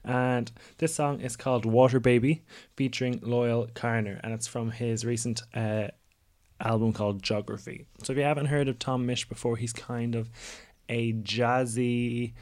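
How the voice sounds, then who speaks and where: A man's voice: mid-range voice, steady tone, normal speed, darkish tone. A man co-hosting a casual music podcast, chatting loosely with lots of fillers and hedging words. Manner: chatty, rambling with many fillers. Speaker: podcast co-host.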